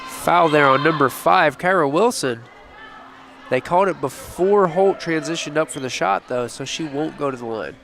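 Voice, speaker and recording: A man calling a high school basketball game play by play, briskly naming each pass and foul as it happens. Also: vocal fry, over music. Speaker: play-by-play announcer. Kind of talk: live basketball play-by-play commentary. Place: high school gym broadcast table. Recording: noisy gym with ball bounces behind.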